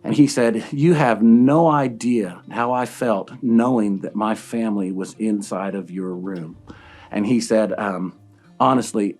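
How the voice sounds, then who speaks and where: A middle-aged man, a company founder telling a personal story, earnest and emotional, halting with fillers. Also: on the low side, darkish tone.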